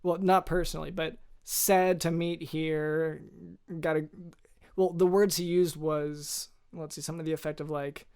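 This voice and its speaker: A man hosting a podcast, telling a deadpan comic story in a halting, hesitant way with many restarts. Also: a little high, smooth. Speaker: podcast host.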